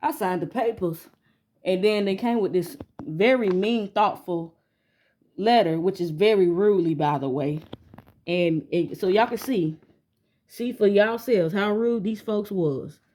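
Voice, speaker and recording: A woman's voice: mid-range voice, unhurried, warm tone. A woman, venting emphatically to a phone camera in a casual vlog and repeating herself. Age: 30s. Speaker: vlogger.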